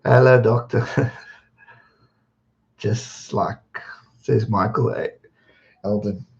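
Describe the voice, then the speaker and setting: A man's voice: lowish voice, extremely slow, gravelly, darkish tone, lo-fi sound. A man hosting a live stream, chatting casually and greeting viewers by name as he reads their comments.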